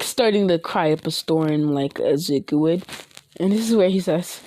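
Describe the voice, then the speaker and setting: A woman improvising a fan-fiction story out loud, rambling and chaining "and this is where" with restarts and fillers. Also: on the low side, normal speed, no room sound. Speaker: online video creator.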